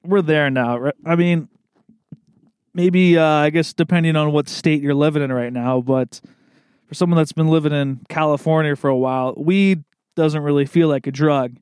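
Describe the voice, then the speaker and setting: A man's voice: fairly high pitch, fairly even intonation, normal speed, a little mellow, smooth, no echo. Laid-back East Coast guy, dry studio. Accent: American East Coast. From Maryland, USA. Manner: laid-back, rambling, swears freely. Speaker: podcast host. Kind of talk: casual solo podcast monologue. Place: recording studio.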